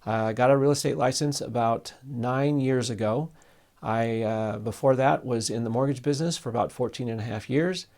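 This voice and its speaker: A man in his sixties tells a relaxed anecdote straight to the camera, his voice gravelly and sitting at an ordinary middle pitch. He talks in a folksy, easygoing way, pausing often on uhs and ums as he works through the story. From Southern Nevada. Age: 60s. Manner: folksy storytelling with frequent fillers. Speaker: real estate agent. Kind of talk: direct-to-camera talk with anecdote.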